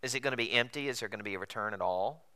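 A male pastor delivering a sermon in a conversational, animated way, full of rhetorical questions. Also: medium pitch, very fast.

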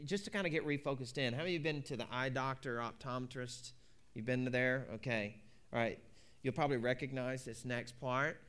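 A man's voice: medium pitch, fairly quick, fairly bright tone, clear, resonant tone. A man preaching a conversational sermon, telling stories in a folksy way and acting out both sides of a conversation. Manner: folksy, repeats "you know".

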